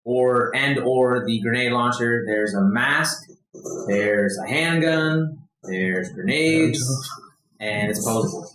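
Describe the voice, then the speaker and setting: A man's voice: medium pitch, slow, a bit bright. A man riffing and joking through a casual chat among friends. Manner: jokey riffing. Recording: roomy echo.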